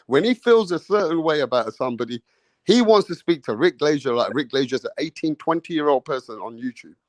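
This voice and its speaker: A man's voice: fairly high pitch, lively intonation, fairly quick, no echo. A man hosting a live boxing talk stream, blunt and swearing, teasing a chat member.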